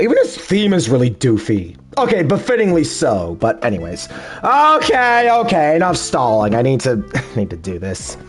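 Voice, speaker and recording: A young man doing casual, rambling, giddy gaming commentary between dub lines. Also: medium pitch. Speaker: fan dubber and let's player.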